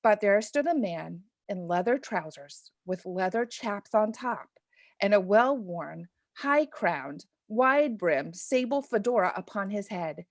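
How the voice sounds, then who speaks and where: Lady reading a silly bad-book chapter out loud, mock-breathless, dry close sound. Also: medium pitch, animated, measured pace, no echo. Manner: mock-breathless, sly comic delivery. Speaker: guest author reading a parody chapter. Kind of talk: comic reading aloud.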